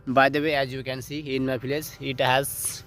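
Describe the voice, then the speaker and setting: A young man narrates his farm work into a handheld camera outdoors, in simple, repetitive learner's English. His voice sits at an ordinary middle pitch and sometimes turns breathless from the work. Faint music plays beneath the outdoor sound. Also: flat delivery, moderate pace, a bit bright. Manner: simple learner's English, repeats "as you can see". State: out of breath at times. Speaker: vlogger. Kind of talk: casual vlog narration while farming. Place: outdoors in farm fields and village street.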